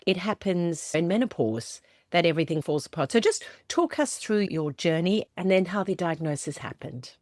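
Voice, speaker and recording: A woman hosting a podcast interview, gently prompting her guest to tell her story. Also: on the low side, lively intonation, moderate pace, few pauses, dry recording, clean studio sound. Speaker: podcast host. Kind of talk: interview question.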